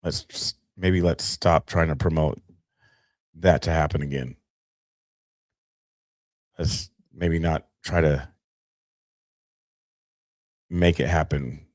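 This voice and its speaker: A man's voice: extremely low pitch, steady tone, takes it slowly, pauses often, darkish tone, dry recording. A man casually commenting on footage during a live stream, rambling and restarting his sentences.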